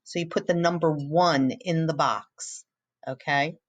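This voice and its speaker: Slow, low-voiced woman teacher. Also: fairly even intonation. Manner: patient, encouraging, praises pupils often. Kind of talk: recorded phonics lesson walkthrough.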